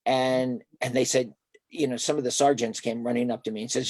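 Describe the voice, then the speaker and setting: A man's voice: mid-range voice, fairly quick, dry recording. An older man, a therapist, telling stories in a conversational interview and acting out the dialogue of the people in them. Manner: animated storyteller who acts out quoted dialogue.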